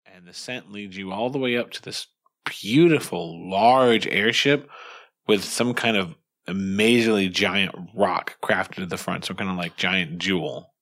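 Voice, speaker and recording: A man's voice: low voice, measured pace, a bit bright. A man hosting a podcast, telling stories in casual chat, swearing and laughing often. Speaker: podcast host.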